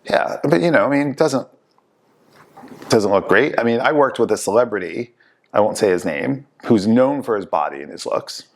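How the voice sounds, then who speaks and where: A man hosting a casual talk show, telling lively stories and acting out the people he quotes. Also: mid-range voice, moderate pace. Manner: animated storyteller, acts out quoted people. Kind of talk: casual chat.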